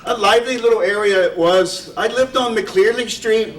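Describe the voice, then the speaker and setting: Man playing a proud, unhurried Irish bloke in a pub, brogue, high voice, echoey hall. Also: distant mic, lightly acted. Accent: put-on Irish brogue.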